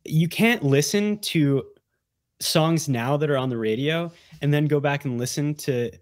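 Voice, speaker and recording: A man who is a guest on a podcast, chatting casually in an animated, rambling way with many restarts. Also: a little high, measured pace, no echo, studio quality. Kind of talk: casual conversational interview.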